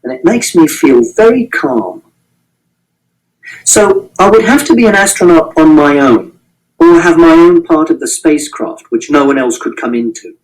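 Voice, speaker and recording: A man's voice: fairly high pitch, animated, normal speed, distant mic, poor audio. A man reading a novel aloud in first person, in a plain, matter-of-fact, literal way. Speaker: audiobook reader.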